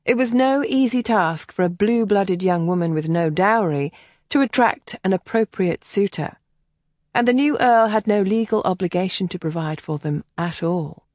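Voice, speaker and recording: Expressive woman narrating an audiobook. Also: medium pitch, moderate pace, no echo, clean studio sound. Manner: expressive storytelling. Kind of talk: scripted narration.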